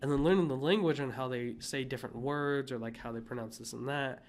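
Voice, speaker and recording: A man's voice: medium pitch, fairly quick. Rambling man chatting on a podcast. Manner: rambling, many "like" fillers. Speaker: podcast co-host. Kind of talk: casual chat.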